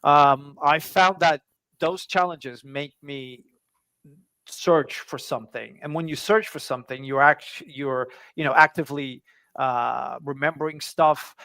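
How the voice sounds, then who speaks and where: A man's voice: a little high, unhurried, pushed and bright, no room sound. A man speaking as a guest in a casual interview over a video call. He talks with many fillers and restarts. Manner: hesitant, full of fillers and restarts.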